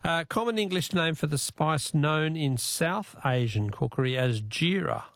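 Jovial Australian radio quiz host, gravelly. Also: male voice, fairly high pitch, expressive, measured pace, fairly bright tone, no echo. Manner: jovial, laughs often.

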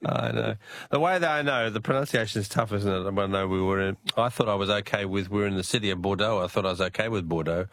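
A man's voice: on the low side, quick pace, few pauses, a bit bright, no room sound. A man hosting a call-in radio quiz, bantering with callers and laughing often.

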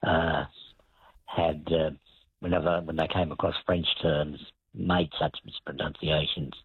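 A man phoning in to a radio show and explaining his point haltingly. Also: very deep voice, little pitch movement, slightly rough, dry recording. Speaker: caller. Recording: phone line.

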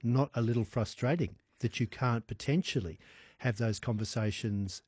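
A man hosting a casual interview on radio in a studio, chatty and quick with reactions. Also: medium pitch, a little mellow, breathy edge, no room sound. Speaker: radio host. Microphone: studio mic.

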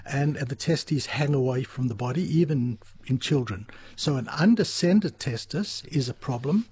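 A man as a medical expert guest, giving patient, measured explanations with small restarts. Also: mid-range voice, lively intonation, darkish tone, breathy edge. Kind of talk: explanatory interview answers.

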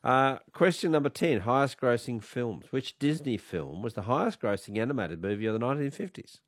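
A man's voice: mid-range voice, animated, brisk, no echo, clean studio sound. A man with an Australian accent hosting a radio quiz, joking and chuckling with callers while fighting a slight cold. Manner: jokey, chuckling, teasing callers. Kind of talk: casual talkback radio chat.

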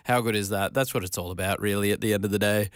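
A man's voice: lowish voice, fairly even intonation, fast, dry recording. A young adult man hosting a radio show in casual chat, self-deprecating and reading out listener texts at a studio microphone. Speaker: radio host.

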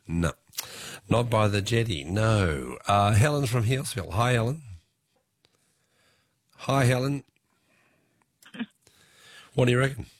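A man hosting a radio phone-in quiz, chatty and quick to laugh. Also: fairly low pitch. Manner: chatty, laughs easily, stumbles a little.

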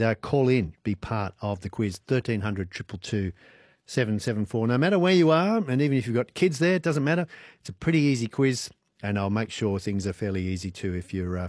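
A man's voice: mid-range voice, a little mellow, no echo, clean studio sound. A man with an Australian accent hosting an evening radio show, chatty and playful, laughing easily. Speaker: radio host. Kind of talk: casual radio chat. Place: radio studio.

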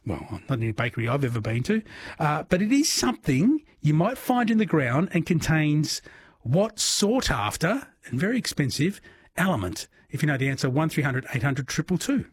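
A man's voice: on the high side, sing-song, normal speed, breathy edge, no echo. An Australian man hosting a late-night radio phone-in quiz, chatty, jokey and encouraging with callers. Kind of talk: casual overnight radio chat.

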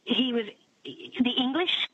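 A woman in her thirties or forties calling into a radio quiz, hesitant and filling pauses while she thinks. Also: on the high side, noisy background. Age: 30s or 40s. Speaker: quiz caller. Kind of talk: radio call-in chat. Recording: dull phone line.

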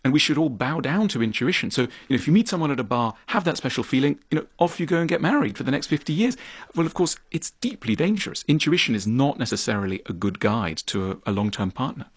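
A man being interviewed about his book, explaining his views with lively gestures of speech and acting out imagined exchanges. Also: mid-range voice, fast, husky, dry recording. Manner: animated, acts out imagined dialogue. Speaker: author. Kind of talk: interview conversation.

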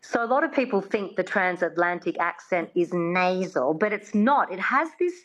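A woman working as a dialect coach, teaching an accent on the radio and slowly drilling words for the listener to repeat. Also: on the low side, animated, a bit bright, rough recording. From Australia.

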